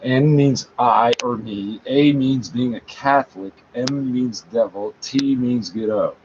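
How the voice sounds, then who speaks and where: A man's voice: medium pitch, slow, a little mellow. A man reading a page aloud and talking back to it, scornful, correcting it and swearing often. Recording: dull lo-fi sound, faint background noise.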